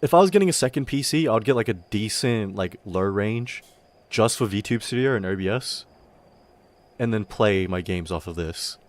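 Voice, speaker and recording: A man's voice: on the low side, expressive, normal speed. Young streamer guy rambling and cussing, voice jumps all over the place. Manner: rambling, self-mocking, swears a lot. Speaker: VTuber streamer. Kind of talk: casual live-stream commentary.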